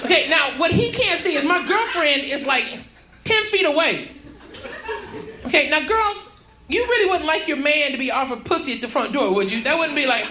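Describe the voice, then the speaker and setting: A man's voice: extremely high pitch, animated, normal speed. A man doing a brash, profane stand-up set and checking in with the audience. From Houston, Texas. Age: 40s. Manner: brash, profane, conversational, keeps checking in with the crowd. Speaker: stand-up comedian. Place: comedy club stage before a live audience. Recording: roomy club recording with crowd laughter.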